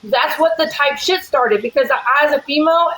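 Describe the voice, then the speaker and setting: A woman in casual chat who talks fast and rambles, blunt and profane. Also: high-pitched, a bit bright, roomy sound, a little hiss or hum, low-quality recording. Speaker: livestream guest.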